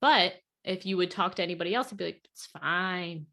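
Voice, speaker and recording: Chatty woman coach, slightly low voice. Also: fast, fairly bright tone. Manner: chatty, lots of "like", earnest. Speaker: podcast guest, weight loss coach. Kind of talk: casual podcast conversation.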